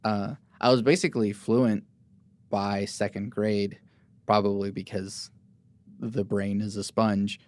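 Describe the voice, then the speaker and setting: A young man from Oklahoma hosts a relaxed interview, taking his time with every thought and laughing often. The sound is dry and close, with no room around him. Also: lowish voice, slow pace, no room sound. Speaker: podcast host. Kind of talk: casual interview chat.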